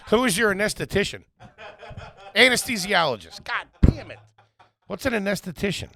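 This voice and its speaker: A man co-hosting a casual comedy chat, cracking jokes, swearing and firing off quick questions. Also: sits high, sing-song, gravelly, pushed and bright. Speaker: podcast co-host.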